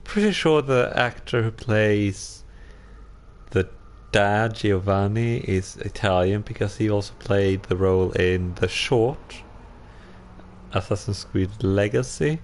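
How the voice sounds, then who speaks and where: A man's voice: lowish voice, slow, a little hiss or hum. A man casually commenting on his gameplay, musing aloud and reacting to himself as he plays. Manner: relaxed, musing, talks to himself while playing. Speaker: game streamer.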